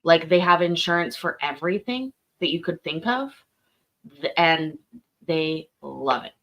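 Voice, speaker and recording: A woman's voice: lowish voice, expressive, moderate pace, bright, forceful tone. A woman hosting a live stream, rambling and chatty as she reacts to a clip, swearing freely. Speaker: live-stream host reacting to a court show. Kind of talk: casual live commentary.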